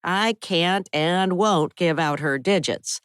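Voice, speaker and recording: A woman reading the part of a cautious male violin teacher in an audiobook, speaking softly and soothingly. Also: lowish voice, slow pace, smooth, no echo, clean studio sound. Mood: measured. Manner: soft, soothing delivery. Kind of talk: audiobook character voice.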